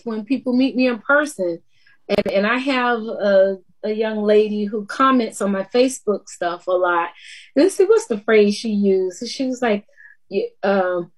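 A woman's voice: medium pitch, expressive, measured pace. A woman, a TV news anchor, chatting in an interview in a down-to-earth way and laughing often. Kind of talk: casual interview chat.

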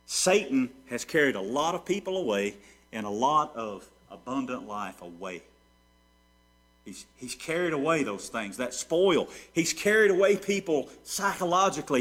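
Male pastor preaching, slightly high voice, wide swings from quiet to loud, rhetorical questions. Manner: preaching with sweeping swings between soft and loud; asks rhetorical questions and answers them. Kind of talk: sermon.

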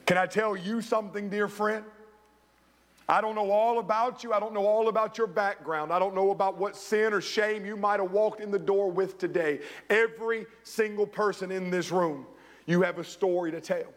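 A man preaching a sermon as pastor, with dramatic pauses and emphasis. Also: sits high, steady tone, in a large hall. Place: church sanctuary.

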